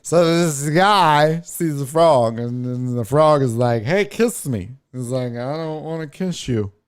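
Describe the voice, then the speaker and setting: A man doing a whiny high-pitched heckler. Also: expressive, a little slow, clear, resonant tone. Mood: insistent. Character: pushy clueless young male heckler.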